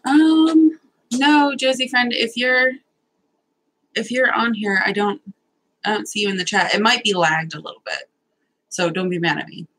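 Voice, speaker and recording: Husky-voiced young woman chatting on a live stream. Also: medium pitch, steady tone, moderate pace, pauses often, pushed and bright, low-quality recording. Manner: chatty, self-deprecating, nervous; swears casually. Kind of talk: casual live stream chat.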